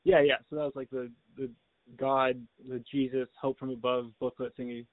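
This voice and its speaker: On a podcast, a man co-hosting spins a long meandering story casually, restarting often and laughing a little. He speaks at normal speed in a level, mid-range voice, with phone-quality sound and no room sound.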